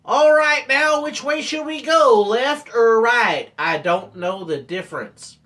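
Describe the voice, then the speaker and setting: A man's voice: very high voice, takes it slowly, sharp tone, distant mic, pitched above the performer's own voice, exaggerated voice. A man putting on an exaggerated fake Texan accent to play a goofy safari truck driver who gives a joking tour spiel. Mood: goofy drawl.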